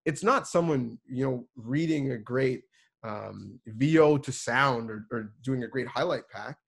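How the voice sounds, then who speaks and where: A man's voice: medium pitch, a little slow, gravelly, husky. A man, a sports reporter and producer, giving earnest, emphatic advice to students over a video call, with frequent restarts.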